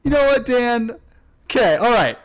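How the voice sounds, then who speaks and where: A man's voice: very high voice, lively intonation, normal speed. A young man co-hosting a casual chat, telling a story in a rambling, laughing way full of restarts. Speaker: podcast co-host.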